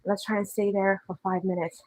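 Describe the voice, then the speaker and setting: Walking on her home treadmill during a casual livestream, a fitness vlogger reads out the live chat and responds, slightly winded from walking. Her delivery is flat, medium-pitched, and a little fast, on a rough recording.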